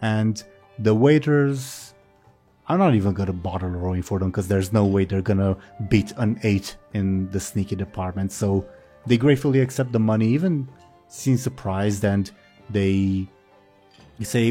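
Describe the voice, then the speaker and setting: A man's voice: on the low side, measured pace, dark tone, faint music behind. A man running a tabletop game as game master, narrating in a rambling, self-correcting, casual way.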